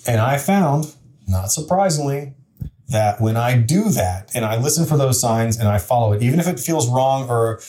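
His medium-pitched, mellow voice has lively intonation and a normal speed. The speaker, a forties-aged city council member, is an interview guest telling a candid story in plain, earnest terms, restarting often.

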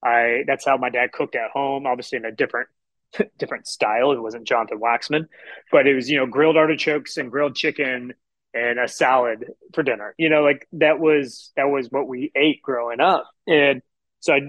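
A man's voice: medium pitch, fairly even intonation, normal speed, a bit bright, dry recording, muffled recording. Man from Houston, dry close sound. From Houston, Texas. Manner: rambling storyteller who acts out quotes. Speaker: chef and restaurant owner, guest. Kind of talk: casual podcast interview.

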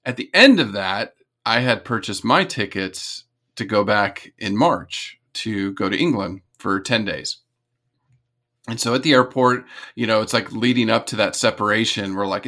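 An American man from California, a podcast guest who tells a personal story in a lively, casual way and laughs easily. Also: lowish voice, normal speed.

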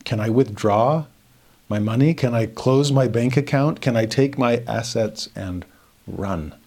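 A middle-aged man teaching a verse-by-verse scripture lesson, expressive, moving between lively asides and quiet emphasis. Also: mid-range voice, a little slow. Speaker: Bible teacher.

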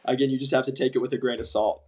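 Man telling animated work stories. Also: mid-range voice, very fast, husky. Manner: animated storyteller, acts out quoted voices, swears casually. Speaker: medical device sales rep, podcast co-host. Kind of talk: casual podcast chat.

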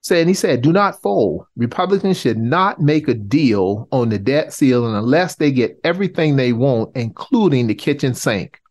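A middle-aged man from South Carolina co-hosting a political podcast, talking in an animated, teasing, showman-like way. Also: mid-range voice, moderate pace, hardly any pauses. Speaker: podcast co-host. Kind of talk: casual political chat.

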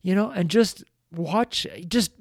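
An older man preaches at an unhurried pace, his voice pitched a little above most men's. He pleads earnestly and is tearful throughout, and the recording is dry and close, with no room sound. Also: creaky, no echo. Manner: slow, earnest, pleading, with drawn-out emphasis. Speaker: street preacher. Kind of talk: emotional radio sermon.

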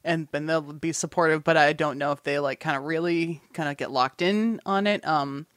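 A podcast co-host chatting casually, full of enthusiasm and restarts, slipping into playful quoted voices. Mid-pitched voice recorded close and dry. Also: steady tone, normal speed, a bit bright, no room sound.

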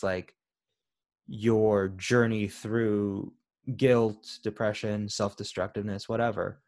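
A man co-hosting a casual podcast chat about a film, talking loosely with many fillers. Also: lowish voice. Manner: loose and conversational, lots of "like" fillers. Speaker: podcast co-host.

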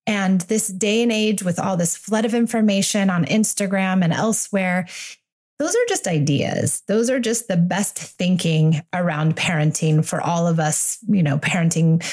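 A parenting coach and podcast host in her forties gives a solo monologue, speaking openly and reassuringly about her own missteps as a parent. Her voice is on the low side, a little mellow, and measured.

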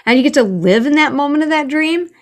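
A woman's voice: high-pitched, animated, fast talker. An earnest woman author telling stories as a guest, often restarting her sentences. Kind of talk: conversational interview.

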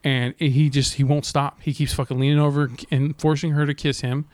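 A man's voice: a little high, level tone, brisk, a little mellow, no room sound. Man telling a podcast story. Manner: storytelling, swears a lot, acts out quoted voices. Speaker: podcast co-host. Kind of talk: casual podcast chat.

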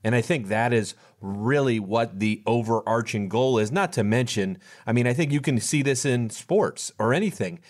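A middle-aged man, a financial advisor, co-hosting a podcast in an animated casual chat and acting out what his clients say. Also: medium pitch, moderate pace, hardly any pauses. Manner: animated, acts out clients' quotes.

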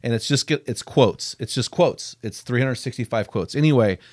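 A man's voice: mid-range voice, normal speed, darkish tone, dry recording. Guy hosting a podcast interview, eager and chatty, dry close sound. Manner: enthusiastic, quotes authors often. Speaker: podcast host.

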